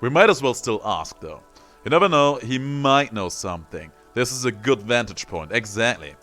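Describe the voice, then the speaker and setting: A man's voice: medium pitch, big pitch swings, moderate pace, a bit bright, faint music behind. A man playing a video game, casually commenting and reading the game's text aloud in a playful, amused way. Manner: playful, amused, chuckles often. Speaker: gaming streamer.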